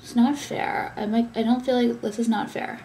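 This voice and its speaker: A woman's voice: on the high side, steady tone, moderate pace, mellow, a little hiss or hum. A young woman talking casually to camera, ranting with many fillers and swearing. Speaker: vlogger and business owner.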